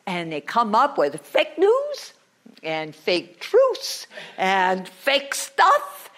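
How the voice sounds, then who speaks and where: A woman's voice: fairly low pitch, a bit bright, full character voice. Baba Yaga, a stern old witch, as a woman puts her on. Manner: commanding, lecturing, drawn-out words. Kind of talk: told folktale.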